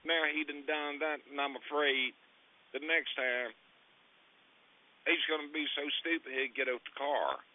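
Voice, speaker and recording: A man's voice: on the high side, fairly even intonation, a little slow, long pauses. An older man calling in by phone, rambling through a coarse, heated grievance. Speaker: caller. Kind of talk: phone-in storytelling. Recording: tinny phone line.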